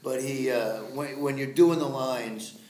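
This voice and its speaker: Brief: Southern-accented man, mid-range voice, lively storyteller, echoey room, faint noise. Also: mid-range voice, a little slow. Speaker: voice actor guest. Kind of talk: casual interview chat.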